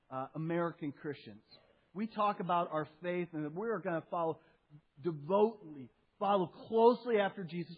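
High husky guy preaching, acts out the quotes, kinda dull lo-fi sound. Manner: animated, acts out quoted speech, repeats phrases. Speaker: pastor. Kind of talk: sermon.

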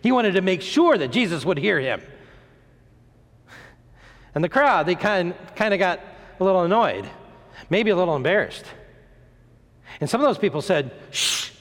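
A man preaching a sermon, retelling a story in an animated way, acting out the voices, sometimes stumbling and repeating words. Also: sits high, normal speed, long pauses. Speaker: pastor. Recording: long hall reverb.

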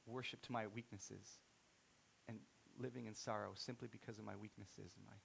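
A man in his thirties preaching a sermon, telling a story and swinging from soft-spoken to loud, excited outbursts. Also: fairly low pitch, moderate pace, creaky, a little hiss or hum. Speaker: pastor.

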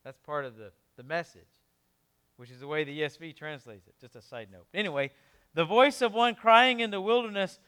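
A pastor with a clear, resonant tone gives a chatty sermon full of quick asides. He alternates between subdued, low passages and emphatic ones.

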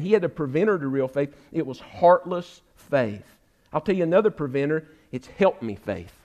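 An older man preaches a sermon, his voice pitched notably high. He exhorts emphatically and keeps appealing directly to his listeners as friends. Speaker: pastor.

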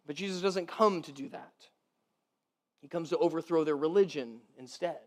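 A male pastor preaches in an easy, chatty way, with a voice pitched noticeably high for a man. He repeats words as his thoughts catch up, laughs lightly between points, and keeps turning to his listeners with a quick "right?". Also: darkish tone. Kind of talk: conversational sermon.

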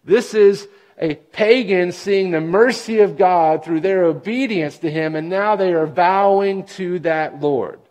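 A man preaching a sermon, reading scripture aloud and explaining it with emphatic bursts and quiet asides. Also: high voice, measured pace. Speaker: pastor.

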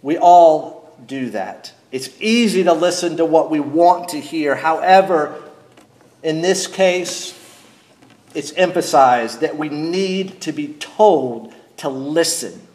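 A middle-aged man preaching a sermon as pastor, speaking deliberately and asking his congregation questions. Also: on the high side, expressive, a little mellow, reverberant.

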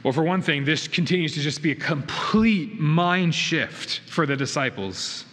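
A male pastor with a higher-pitched, slightly bright voice preaches in an animated but unhurried way. The sermon is earnest and emphatic, with rhetorical questions, and it echoes through a church sanctuary's reverberant hall over faint noise.

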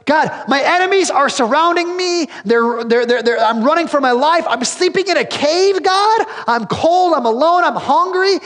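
A man's voice: very high voice, animated, normal speed, hardly any pauses, fairly bright tone, pitched above the performer's own voice. A pastor voicing a desperate hunted man pleading with God in anguish.

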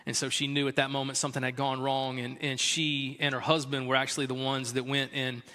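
Bright-voiced pastor preaching in a hall. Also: male voice, mid-range voice, completely flat delivery, fairly quick. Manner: candid storytelling, conversational with many fillers. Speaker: pastor and chaplain. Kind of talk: sermon. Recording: long hall reverb.

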